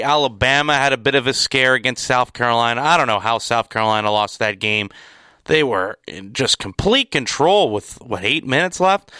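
Young man ranting about sports, bright forceful tone, smooth clear voice, dry close sound. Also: medium pitch, no room sound. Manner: emphatic, repeats words for emphasis, exasperated. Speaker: sports commentator. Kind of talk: opinionated sports recap.

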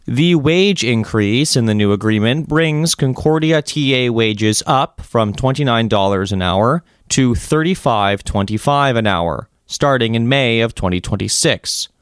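Smooth-voiced male news reporter. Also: medium pitch, no room sound, studio quality. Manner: measured and even, read from a script.

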